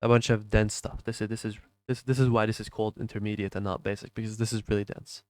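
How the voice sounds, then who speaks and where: A man teaching an online class on a voice call, explaining quickly with many fillers and "right?" checks. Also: on the low side, level tone, darkish tone, no room sound. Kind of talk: casual lecture on a call.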